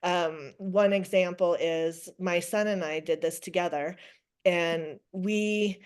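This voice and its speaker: A woman's voice: lowish voice, fairly even intonation, takes it slowly, a little mellow, smooth. A middle-aged woman speaking as a podcast guest, talking things through reflectively with frequent restarts. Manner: reflective, many restarts and quoted self-talk. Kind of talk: conversational interview.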